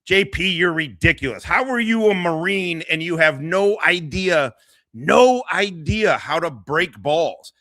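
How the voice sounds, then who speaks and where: Crude mocking male streamer, lively pitch. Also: measured pace, no echo. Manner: mocking, crude, laughs often. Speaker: streamer host. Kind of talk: profane casual livestream rant.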